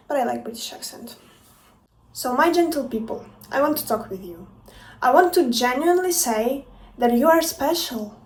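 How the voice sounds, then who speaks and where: A woman and life coach talking to her viewers in a casual motivational vlog, playful and emphatic, swearing freely. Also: sits high. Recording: echoey room, distant from mic.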